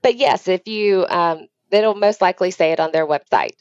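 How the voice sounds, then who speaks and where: Woman therapist guest, low-pitched, explanatory, muffled video-call sound. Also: moderate pace, clean tone, no room sound. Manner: explanatory, warm-hearted professional advice with frequent ums. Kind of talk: remote interview conversation.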